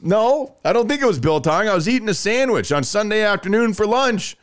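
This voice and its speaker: A man hosting a casual sports talk podcast, telling stories in an animated, self-mocking way. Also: sits high, brisk, dry recording, studio quality. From Alabama, US. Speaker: podcast host.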